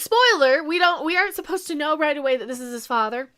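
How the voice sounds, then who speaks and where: Bright, high-voiced sarcastic woman. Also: fast talker, few pauses. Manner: animated, sarcastic, laughs often. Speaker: show recap host. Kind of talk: casual livestream recap chat.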